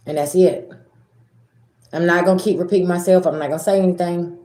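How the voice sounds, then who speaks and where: A woman's voice: lowish voice, fairly even intonation, a little fast, pauses often, warm tone, roomy sound. A woman with a Southern American accent giving a blunt, profane spiritual reading to her viewers, acting out arguments as she goes. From Southern United States. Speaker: spiritual reader. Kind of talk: casual tarot reading to viewers.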